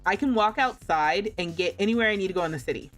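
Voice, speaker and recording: A woman's voice: medium pitch, fast, soft background music. A young American woman streaming a game, casually telling a travel story, laughing often and acting out the voices of people she quotes. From United States. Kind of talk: casual storytelling while gaming.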